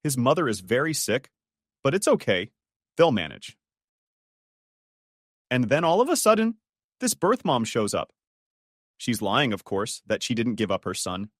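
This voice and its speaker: A man reading out a dramatic story, his pitch rising and falling a lot as he tells it. it is recorded close to the mic and sounds very dry, with no room around it. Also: sing-song, unhurried, long pauses, no room sound. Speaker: narrator. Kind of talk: scripted story narration.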